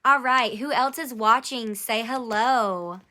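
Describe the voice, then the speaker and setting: A woman's voice: on the high side, takes it slowly, bright, forceful tone. A woman doing a live-streamed angel card reading. She speaks to one viewer by name, encourages her, and repeats her phrases.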